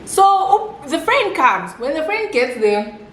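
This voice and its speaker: A woman's voice: high-pitched, unhurried, a little hiss or hum. Chatty South African woman, echoey room. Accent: South African, Xhosa-speaking. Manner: chatty, code-switching, animated retelling. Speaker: vlogger. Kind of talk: casual storytime with eating.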